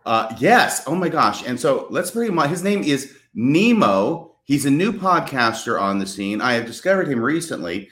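A man's voice: medium pitch, very animated, moderate pace, few pauses, fairly bright tone, reverberant. A man co-hosting a live show, playful and effusive, joking between remarks. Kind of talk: casual live show banter.

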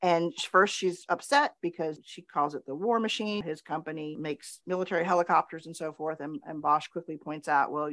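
A woman hosting a podcast, recapping television episodes in a relaxed, chatty way and laughing easily. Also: low-pitched, no echo. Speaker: podcast host.

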